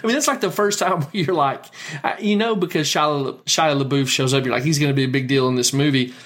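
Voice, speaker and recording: A man's voice: mid-range voice, fast. Man hosting a podcast. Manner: warm, laughs often, animated storytelling. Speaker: podcast host. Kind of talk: casual chat.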